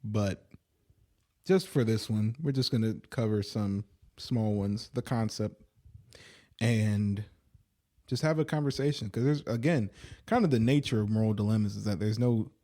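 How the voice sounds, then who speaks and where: A man's voice: lowish voice, moderate pace, warm tone. A young man co-hosting a casual podcast, joking around and reading a news article aloud. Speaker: podcast co-host.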